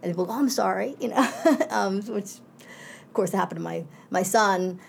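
A woman's voice: mid-range voice, normal speed, gravelly, a little hiss or hum. A middle-aged woman professor in a conversational interview, speaking reflectively in winding asides.

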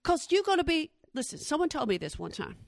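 Brisk and gravelly, this woman in her forties does animated stand-up, addressing the audience head-on and performing each voice in her tale herself. Her pitch is a little high, and the lapel mic keeps the sound close and dry without any room echo.

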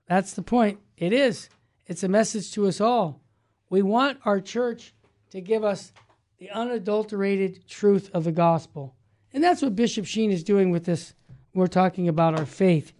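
A man hosting a religious talk radio show, teaching with fervent emphasis that builds to loud exclamations. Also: high-pitched.

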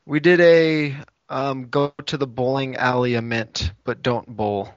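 A man's voice: medium pitch, steady tone, unhurried, dry recording. Easygoing man, dull lo-fi sound. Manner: easygoing, meandering, hesitant with ums. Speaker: podcast co-host. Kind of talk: casual chat.

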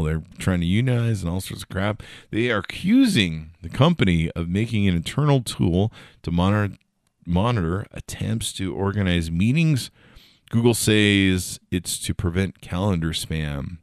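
A man's voice: deep voice, no room sound, clean studio sound. A man hosting a podcast, giving solo tech news commentary in a sarcastic, profane rant and laughing often. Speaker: podcast host.

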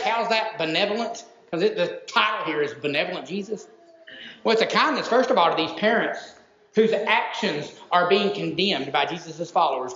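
Male pastor, high voice, emphatic preaching, roomy dull lo-fi church recording. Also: fairly bright tone, slight background noise. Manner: emphatic, repeats words for stress. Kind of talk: sermon. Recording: roomy echo, dull lo-fi sound.

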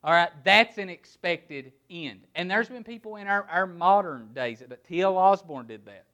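A middle-aged pastor preaches expressively at normal speed, stressing word after word and posing rhetorical questions, often sinking to a quiet, low voice on key words. The audio sounds dull.

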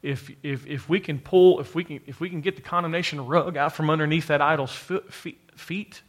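Male preacher, slightly high voice, emphatic and repetitive sermon delivery to a congregation. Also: fairly even intonation, fairly quick. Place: church, to a live congregation with an online audience.

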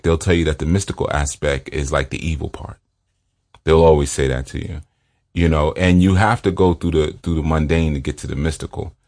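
A man's voice: low-pitched, a little mellow. A man giving a loose, conversational commentary on a film, often checking in with the listener. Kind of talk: casual spoken commentary.

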